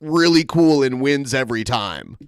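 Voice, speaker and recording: A man's voice: mid-range voice, big pitch swings, moderate pace, clean tone, no room sound, studio quality. A man co-hosting a casual podcast, reading out cringe messages in a mocking, amused way. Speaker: co-host.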